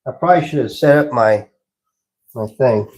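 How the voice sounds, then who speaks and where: A man's voice: medium pitch, normal speed, background noise. A man hosting a live stream from his pottery workshop, chatting casually and rambling as he works, with frequent chuckles. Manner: easygoing, rambling, chuckles often. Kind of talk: casual live-stream chat while working.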